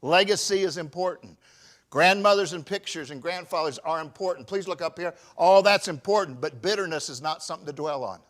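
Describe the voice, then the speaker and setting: A pastor in his fifties preaching a sermon, swinging from shouted emphasis to quiet, personal confession. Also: a little high, fairly quick. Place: church.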